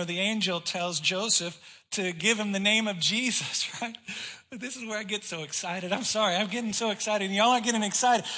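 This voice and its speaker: Pastor, man, high bright voice, animated sermon delivery with loud and hushed turns.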